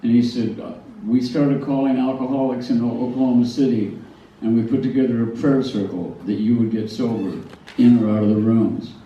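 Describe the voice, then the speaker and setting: A man's voice: medium pitch, steady tone, fairly quick, mellow, slight background noise. Older man telling stories in an echoey hall. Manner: self-deprecating, stammering restarts. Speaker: speaker at a museum talk. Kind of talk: storytelling talk to an audience. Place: large hall. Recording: far-off echoey hall, dull sound.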